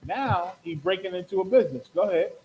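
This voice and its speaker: On a low-quality recording, a talk-show podcast host speaks quickly in a high-pitched, animated, slightly mellow voice. His religious commentary is impassioned, preachy and rhetorical, with quotes acted out.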